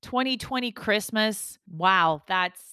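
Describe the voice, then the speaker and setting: A woman's voice: medium pitch, takes it slowly, pushed and bright, smooth, no room sound, clean studio sound. A woman hosting a podcast, upbeat and playful as she leads a casual chat with her co-hosts. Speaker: podcast host.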